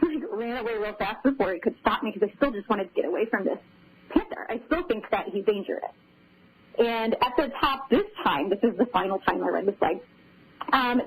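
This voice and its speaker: A woman's voice: a little high, rough recording. A woman telling a long dream story on a radio show, laughing often as she talks. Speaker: caller sharing a dream.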